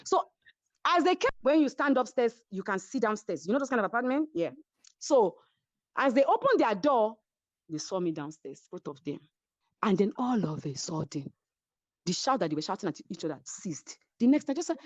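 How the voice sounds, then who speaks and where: Donna nigeriana vivace, voce alta e mossa. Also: female voice, fairly high pitch, very animated, moderate pace, dry recording, highs cut off. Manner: acts out other people's voices while retelling. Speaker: reality show cast member, guest. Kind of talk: animated storytelling interview. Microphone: video call.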